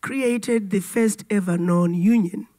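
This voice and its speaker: Woman keynote speaker, raspy and hoarse from a cold, measured and formal, mid-pitched. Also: warm tone. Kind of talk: formal address to an audience.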